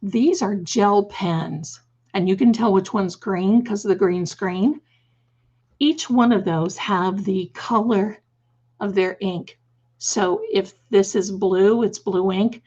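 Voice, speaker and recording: Slightly hoarse woman hosting a stream, slow and chatty, kinda dull lo-fi sound. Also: mid-range voice, dark tone. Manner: chatty, fond, calls viewers "my darlings". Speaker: livestream host. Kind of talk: casual livestream chat.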